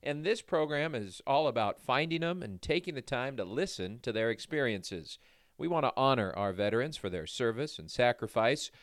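A man hosting a radio show, reading a scripted introduction in an earnest, steady way. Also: mid-range voice, clean tone, no room sound, studio quality.

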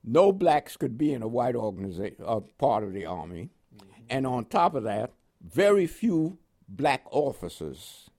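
Older man, animated storyteller. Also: medium pitch, a little slow. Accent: New York with West Indian inflections. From Panama. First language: French. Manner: lively, animated storyteller who acts out quoted voices. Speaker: interviewee. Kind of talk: oral history storytelling.

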